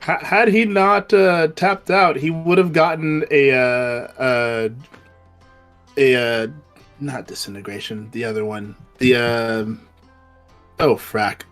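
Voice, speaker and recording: A man's voice: mid-range voice, steady tone, slow pace, a bit bright, faint music behind. A man, a tabletop player, chatting casually and stumbling as he searches for words. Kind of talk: casual chat about a tabletop game.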